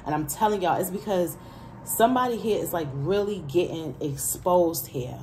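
A woman with a notably low voice reads tarot in a loose, chatty way, speaking straight to her viewers. She repeats phrases for emphasis and laughs between remarks. Faint noise sits under her voice. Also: animated, moderate pace, darkish tone. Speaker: tarot reader. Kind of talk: casual tarot reading to viewers.

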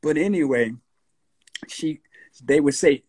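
A man in his sixties with a New York accent, a guest recalling his past in a relaxed storytelling interview. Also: on the high side. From United States. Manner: slow, unhurried storyteller with husky tone, breaks into voices of radio DJs.

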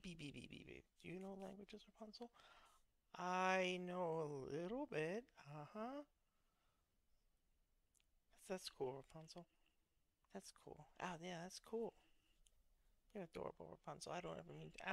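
Gravelly man muttering while knitting. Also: high-pitched, no room sound. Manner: mutters to himself, playful nonsense sounds. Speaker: vlogger. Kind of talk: casual chat while knitting.

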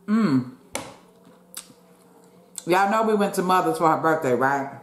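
Brief: woman mukbang host, lowish voice, relaxed chat between bites, roomy echo. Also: unhurried, a little hiss or hum. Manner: chatty, talks with mouth full, addresses viewers as y'all. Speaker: mukbang vlogger. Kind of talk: casual chat while eating.

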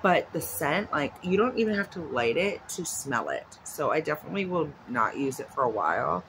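A woman's voice: sits low, sing-song, moderate pace, background noise. A woman vlogging at home in a casual, chatty way, rambling off into asides. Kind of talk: casual chat. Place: at home with her dog nearby.

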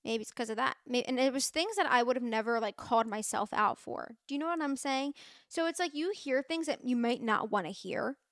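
A young woman with a slightly high voice hosts a podcast in an earnest, chatty way. She leans on fillers and restarts her sentences often. The sound is dry and close, with no room echo. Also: brisk. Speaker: podcast host. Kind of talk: casual faith talk to listeners.

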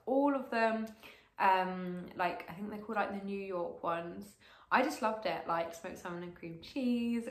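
A woman in her late teens chatting to camera as a vlogger while she eats, gushing and excitable, with lots of fillers. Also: medium pitch. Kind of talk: casual to-camera vlog while eating. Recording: roomy echo.

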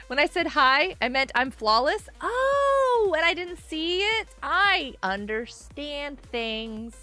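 A woman's voice: sits high, big pitch swings, slow, pushed and bright, faint music behind. A woman in her thirties chatting with viewers while she plays on a live gaming stream, bubbly and giggly.

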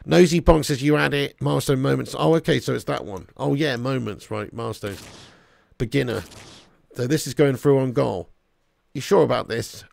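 A man live-streaming a football video game, chatting casually with viewers, reading out their messages, swearing and bursting into excited cheers. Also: medium pitch, moderate pace, gravelly, dry recording. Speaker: gaming streamer.

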